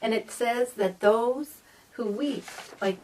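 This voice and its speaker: Addressing viewers as "folks," a middle-aged vlogger shares personal stories in an earnest, talkative way. She speaks slowly in a somewhat high voice, sitting a bit away from the microphone, with a little hiss or hum in the audio.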